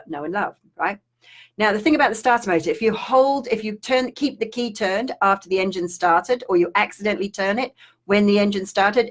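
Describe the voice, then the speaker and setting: A woman's voice: medium pitch, brisk. A middle-aged woman from Australia with an Australian accent, chatting casually on a live stream as a spiritual coach, rambling with restarts and fillers.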